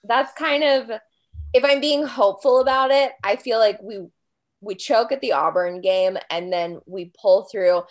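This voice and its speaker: A woman's voice: a little high, measured pace. A woman guest on a podcast, chatting casually and bluntly about her college football team. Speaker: guest fan.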